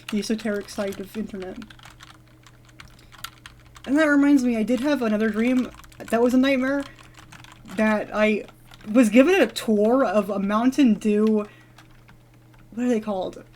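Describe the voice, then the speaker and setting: Measured and prone to long pauses, a high-voiced woman tells a long, meandering story while gaming on her vlog, giggling and stumbling through fillers and restarts against slight background noise.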